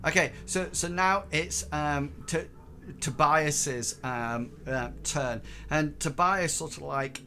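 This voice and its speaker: A man narrating a tabletop game as game master, halting and full of ums. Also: a little high, pushed and bright, slight background noise. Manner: hesitant, many ums and restarts.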